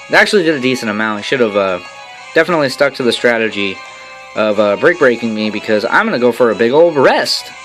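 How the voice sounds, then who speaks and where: Profane, excitable young man with lively pitch. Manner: swearing, sarcastic, excitable, swings between shouts and mutters. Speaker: gamer narrating his battle. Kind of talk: profane gameplay commentary voice-over. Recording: faint game music behind.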